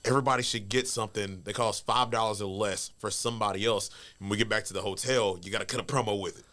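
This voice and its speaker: A man telling stories as a guest on a casual podcast, animated and casually swearing. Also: fairly low pitch, quick pace. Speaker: wrestler guest.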